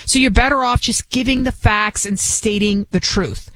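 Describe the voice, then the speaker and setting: A woman's voice: on the high side, moderate pace, fairly bright tone, dry recording, poor audio. Bronx-accent woman filling in on talk radio, rambly and emphatic, lots of restarts. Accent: New York, Bronx. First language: not English. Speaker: guest radio host. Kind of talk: conversational talk radio monologue.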